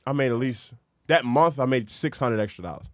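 Animated man telling a story. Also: medium pitch, a little fast, no echo, clean studio sound. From Philadelphia. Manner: animated, acts out voices in his stories. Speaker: comedian. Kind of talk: casual storytelling chat.

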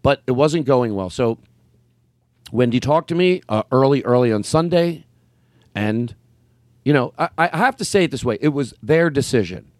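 Animated comedian telling a story. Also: male voice, medium pitch, moderate pace, no room sound. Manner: animated, swearing, acts out his own lines. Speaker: comedian podcast host. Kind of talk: casual storytelling on a podcast.

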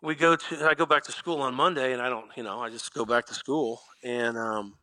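A middle-aged man from Indiana, an animated storyteller who acts out the people in his stories during an interview. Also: medium pitch, a little fast, dry recording. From Indiana, USA. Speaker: guest, former basketball player.

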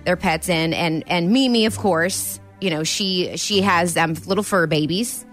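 A woman's voice: fairly low pitch, unhurried, soft background music. Chatty, giggly woman co-hosting radio. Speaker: radio show co-host. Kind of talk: casual radio banter.

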